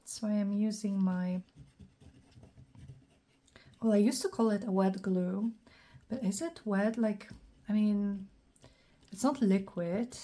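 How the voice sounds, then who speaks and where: A woman talks through a craft project at an unhurried pace, musing out loud as she works. Her voice is low-toned and husky, a bit scratchy and hoarse, and she keeps clearing her throat between hesitant phrases. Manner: thinks aloud, hesitant, clears throat often. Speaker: craft channel host. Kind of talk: casual crafting tutorial narration.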